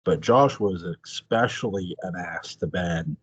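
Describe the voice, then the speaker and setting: A man chatting casually as a podcast host, excitable and swearing freely, his voice jumping up high when he exclaims. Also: unhurried, slightly rough, muffled recording. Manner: swears freely, laughs often. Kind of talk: casual chat.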